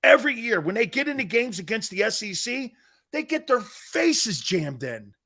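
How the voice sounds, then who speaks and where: A man's voice: high voice, big pitch swings, normal speed, pushed and bright. A man from Connecticut hosting a sports talk show, blunt and mocking as he reads viewer comments and rants.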